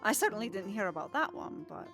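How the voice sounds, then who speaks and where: A woman voicing a folksy, brisk female ship's cook around forty who talks quickly. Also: mid-range voice, sing-song, over music. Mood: obliging.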